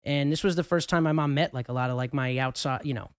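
A man's voice: medium pitch, quick pace, clean tone, no room sound. A man hosting a casual podcast, telling a story in a loose, rambling way full of fillers and restarts. He speaks close to the mic, and the sound is dry. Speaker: podcast host.

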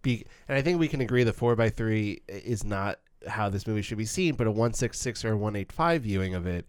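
A man talks through a film scene with a friend, smooth and resonant in tone, his voice dry and close with no room around it. He is animated, trips over his own words and restarts, and now and then acts out a line. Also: lowish voice, brisk, dry recording. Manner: animated, stumbles and restarts, acts out quoted lines. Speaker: podcast co-host discussing a film. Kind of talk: casual film analysis chat.

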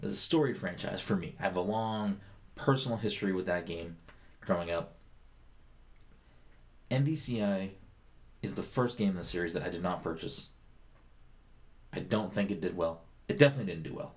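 Deep-voiced man chatting about games. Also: normal speed, long pauses. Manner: joking, swears freely, rambling. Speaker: podcast co-host. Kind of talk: casual gaming podcast chat.

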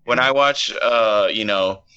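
A man's voice: on the low side, unhurried, bright, forceful tone, clean tone, highs cut off. A man co-hosting a casual podcast, trading crude, joking banter. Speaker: podcast co-host.

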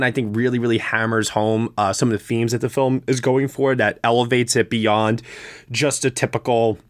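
A man hosting a casual film review podcast, chatting in a conversational way and getting animated when he explains things, with a lot of fillers. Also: medium pitch, no echo, studio quality.

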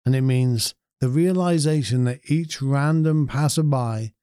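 A man's voice: mid-range voice, unhurried, warm tone, smooth, no room sound, clean studio sound. A man hosting a casual chat, reading out viewer comments and reflecting on each with frequent chuckles.

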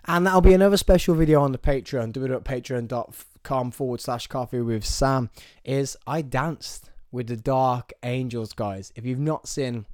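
A man's voice: medium pitch, no room sound. Chatty man, dry studio sound. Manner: chatty and animated, playful storyteller. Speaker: podcast host. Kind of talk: casual solo vlog to camera. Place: small studio.

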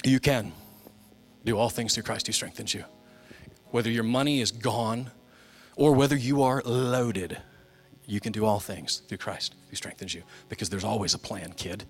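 A man in his forties preaching a sermon in a church, animated, dropping soft and low, then jumping to loud, high impressions. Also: normal speed. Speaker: pastor.

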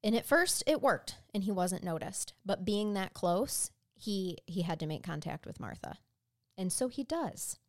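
A woman's voice: mid-range voice, lively intonation, unhurried, dry recording, studio quality. A woman co-hosting a true crime podcast, telling the case in a chatty, wry way with sarcastic asides. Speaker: podcast co-host.

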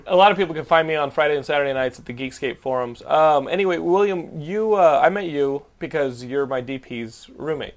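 A man's voice: fairly high pitch, a little fast, hardly any pauses. A man hosting a casual podcast, loose and joking with crude humor. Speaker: podcast host. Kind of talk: casual chat.

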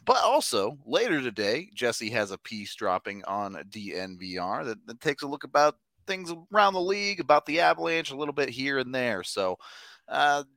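A man co-hosting a casual sports podcast, upbeat and quick to laugh, reading sponsor lines in a relaxed chat. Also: mid-range voice, no room sound. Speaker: podcast co-host.

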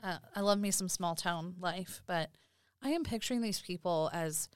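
A woman's voice: lowish voice, moderate pace, clean tone, dry recording, studio quality. A woman co-hosting a podcast, chatting casually and making blunt, exasperated asides. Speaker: podcast co-host.

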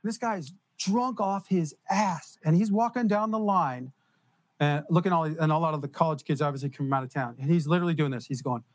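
Animated storytelling man, higher voice. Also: brisk, no echo. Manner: animated, laughs while telling stories. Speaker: guest. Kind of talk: casual storytelling.

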